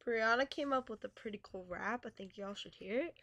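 A woman's voice: fairly high pitch, a little fast, fairly bright tone. A young woman chatting casually and playfully on a webcam vlog, teasing and giggling. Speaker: vlogger. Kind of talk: casual chat.

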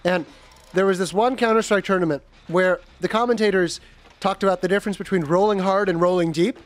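A man's voice: high-pitched, fairly even intonation, brisk. A man hosting a casual let's-play, chatting playfully with a friend. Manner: playful, jokey, sings snippets. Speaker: channel host. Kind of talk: casual gameplay chat.

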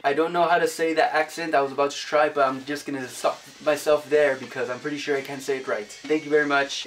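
A man casually chatting as he opens fan mail for his vlog, upbeat and often shouting out exclamations. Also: on the high side, steady tone, fairly quick, few pauses. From United States. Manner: upbeat, punctuates items with loud exclamations. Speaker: vlogger opening fan mail.

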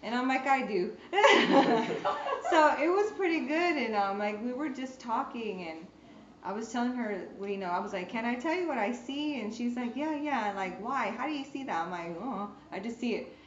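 A woman's voice: a little high, expressive, moderate pace. A woman tells a testimony to a small group in a chatty way, playing out both sides of her conversations. She is recorded in a roomy space on a dull, muffled recording. Faint noise sits underneath. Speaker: beauty business owner sharing a testimony. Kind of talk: casual testimony in a group discussion.

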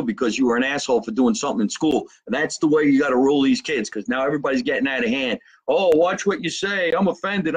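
A middle-aged comedian from Jersey City talks in a thick New Jersey accent, loose and profane as he riffs on fan messages during a live stream. His voice is a little husky and sits at an ordinary pitch. He slows right down whenever he spells out contact details. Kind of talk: casual live-stream chat reading fan comments.

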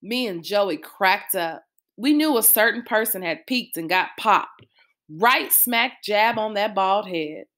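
A woman reading a novel aloud with expressive storytelling. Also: mid-range voice, slow. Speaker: reader.

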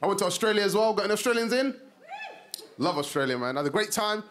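A young man from Somalia with a South London accent, performing an animated stand-up comedy set on a TV studio stage. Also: high-pitched, fast, a little hiss or hum. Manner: animated, acts out characters in voices. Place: TV studio stage before a live audience. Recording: live audience laughter behind.

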